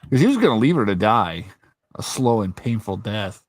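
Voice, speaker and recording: A man with a fairly low voice recounts scenes in a casual chat, swearing freely and laughing as he goes. His voice sounds close and dry, with no room around it. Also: moderate pace, no room sound. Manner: animated storyteller, swears freely, laughs often. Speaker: host.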